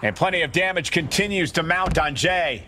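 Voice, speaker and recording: A man's voice: fairly high pitch, lively intonation, normal speed, noisy background. A man doing play-by-play wrestling commentary for a video game, exclaiming at big moves.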